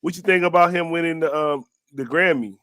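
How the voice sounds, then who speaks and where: A man's voice: on the high side, a little fast, clear, resonant tone, dry recording. Dry-sounding slangy male podcast host. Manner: casual, slangy storytelling, trailing off quietly. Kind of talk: casual podcast interview.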